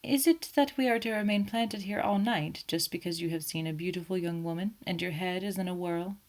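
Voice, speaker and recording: A fussy elderly Belgian detective speaks, voiced by a woman reading an audiobook. His tone is gentle, ironic and teasing, and the voice sits slightly above her own low register. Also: moderate pace. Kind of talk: audiobook character voice.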